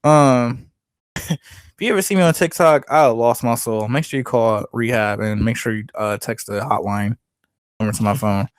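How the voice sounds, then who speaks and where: A young man co-hosting a podcast in casual, animated chat, full of "like" and swearing. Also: mid-range voice, normal speed, clean tone, no echo. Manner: animated, swearing, laughing, lots of "like". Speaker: podcast co-host.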